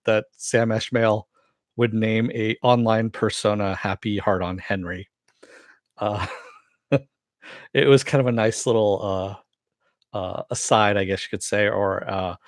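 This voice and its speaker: A man's voice: no echo, clean studio sound. A man casually recapping a TV episode and answering chat, rambling with many fillers. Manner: acts out quoted lines with raised pitch. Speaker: show recap host.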